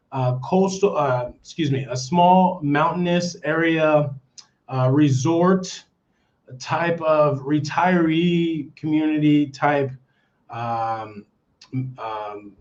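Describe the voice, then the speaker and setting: A chatty man with an American accent hosts a casual livestream, his voice sitting a little high for a man. He rambles and keeps checking in with "okay?" and "all right?". The stream audio is dull and lo-fi. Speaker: livestream host.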